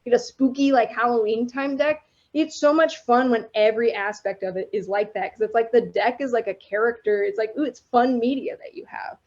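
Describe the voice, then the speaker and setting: A woman's voice: a little high, brisk, hardly any pauses, a little mellow. A woman guest speaker giving an informal, chatty and enthusiastic talk to students over a video call. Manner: chatty and enthusiastic, laughs between points. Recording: dull lo-fi audio.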